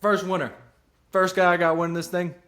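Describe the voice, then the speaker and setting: Hosting his own golf betting show solo, a young man rambles casually, makes jokes at his own expense and flips between serious and goofy. He talks fairly quickly in a high-pitched, a bit bright voice with little pitch movement.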